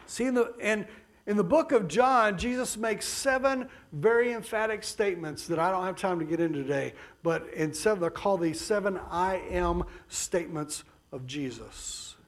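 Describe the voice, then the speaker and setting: A man preaching a sermon emphatically, dropping to soft low passages and then rising to raised bursts. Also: expressive, normal speed, a little hiss or hum.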